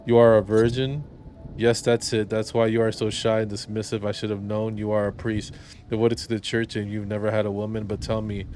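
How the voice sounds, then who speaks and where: A man's voice: fairly low pitch, little pitch movement, fairly quick, a little mellow, a little hiss or hum, lightly acted. A man reading out the lines of a flirtatious, tipsy woman teasing a priest in a game. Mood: flirty teasing. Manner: reads game subtitles aloud, teasing.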